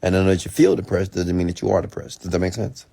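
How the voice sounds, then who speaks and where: A man's voice: sits low, fast, vocal fry, warm tone, dry recording. A man giving a blunt, profane motivational rant late at night, preaching at his viewers. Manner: mimics whiny voices mockingly. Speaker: entrepreneur and mentor.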